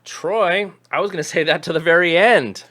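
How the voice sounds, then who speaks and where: A man's voice: fairly high pitch, moderate pace, sharp tone. A middle-aged man co-hosting a live stream, chatting casually about old movies in a rambling, chuckling way. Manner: rambling, chuckling, self-correcting. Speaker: podcast co-host.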